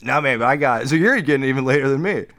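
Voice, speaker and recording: A man's voice: medium pitch, expressive, very fast, fairly bright tone. A young man co-hosting a comedy podcast, rambling with lots of fillers and laughing through his lines. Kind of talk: casual comedic banter.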